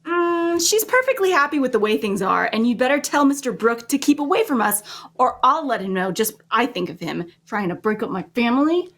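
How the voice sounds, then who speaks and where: A woman's voice: fairly high pitch, very animated, fairly quick, few pauses, a bit bright, heavily acted. A woman voicing a brash, hot-tempered tomboy young woman with a blunt, defiant manner, in a comic reading of a radio drama.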